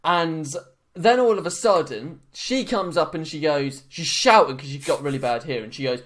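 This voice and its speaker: A man's voice: fairly high pitch, very animated, moderate pace, fairly bright tone. Rambling young man. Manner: rambling, lots of fillers and restarts. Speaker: podcast co-host. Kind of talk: casual storytelling chat.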